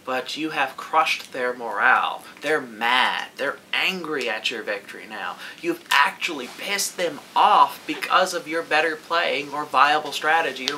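Vlogger, male, bright forceful voice, sarcastic gloating delivery, casual monologue. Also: on the high side, a little hiss or hum, rough recording.

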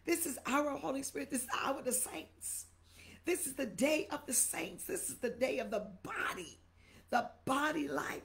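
A woman's voice: high voice, animated, moderate pace, fairly bright tone. A middle-aged woman bishop, preaching on a livestream sermon with exuberant repetition and greeting viewers by name.

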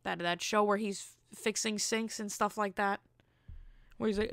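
Smooth and mid-range, this young woman's voice moves quickly in a clean studio recording free of echo. As a solo podcast host, she tells a dating story bluntly and acts out the quotes with animation.

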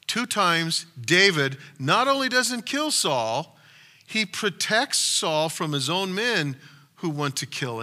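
Man, pastor, church sermon, conversational storytelling, sharp bright voice, a bit high. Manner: conversational, retelling a story with asides.

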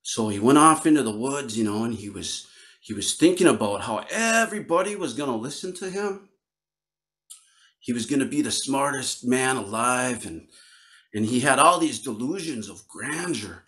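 A man from Northern Wisconsin telling a traditional story in a relaxed, conversational way. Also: mid-range voice, moderate pace. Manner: relaxed, conversational, many fillers. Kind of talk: oral storytelling.

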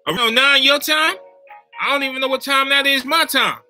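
Very bright, slangy man chatting on stream. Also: extremely high pitch, normal speed, faint music behind. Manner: slangy, animated, keeps checking in with "you know what I mean". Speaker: YouTuber live-chatting with viewers. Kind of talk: casual livestream chat.

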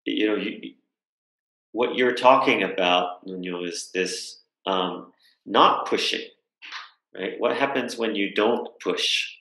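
Man, guest on a video call, reflective storytelling, crisp bright tone, roomy echo. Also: lowish voice, slow pace. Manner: thoughtful, with frequent fillers and rhetorical "right?". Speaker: guest speaker.

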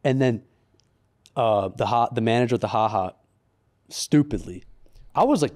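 A man with a mellow, relaxed voice tells a story in a casual podcast studio chat. He shifts into a raised, lively voice when he quotes the people in it. He sounds like a co-host among friends. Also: mid-range voice, moderate pace.

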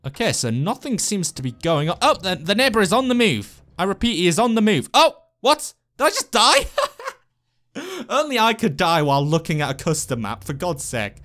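A man giving lively, jokey gameplay commentary as a let's play host, talking to the characters on screen. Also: high voice, a little fast, few pauses. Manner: excitable, jokey, talks to the game characters.

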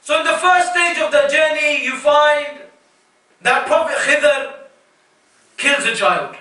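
A male preacher delivers a sermon with a very high, bright, sharp voice. He speaks emphatically and keeps asking his listeners rhetorical questions. The recording picks him up from a distance in a strongly echoing hall. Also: slow. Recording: echoey hall, voice from far off.

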